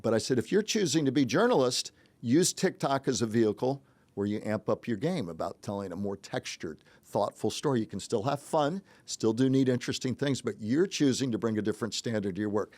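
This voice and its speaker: A man's voice: lowish voice, lively intonation, a little fast, darkish tone, dry recording. An older man hosting a casual podcast chat, reflective and chuckling, with many restarts. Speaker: podcast host, journalism teacher.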